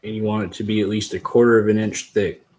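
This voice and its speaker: A man's voice: lowish voice, flat delivery, fast, darkish tone. A man hosting a casual livestream tutorial, rambling in a goofy way and chatting with his viewers as he works. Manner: goofy and rambling, talks to chat. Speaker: host demonstrating a DIY agar method.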